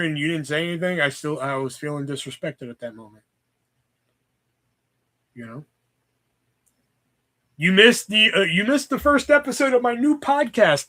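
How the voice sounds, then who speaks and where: A man's voice: a little high, pushed and bright. A man hosting a casual livestream, chatting with viewers in a profane, joking, rambling way. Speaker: livestream host.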